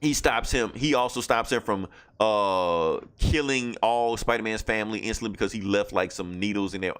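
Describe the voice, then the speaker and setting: A man's voice: lowish voice, normal speed, fairly bright tone, clear, resonant tone. A man hosting a podcast who casually retells a story, rambling and swearing freely. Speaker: podcast host. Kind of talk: casual chat.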